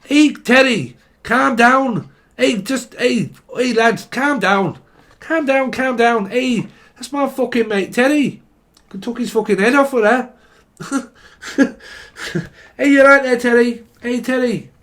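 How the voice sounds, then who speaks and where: Man doing a shouty Liverpool lad with a Scouse accent, high and loud, swearing while he calms his mates down. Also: slow, heavily acted. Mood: rowdy.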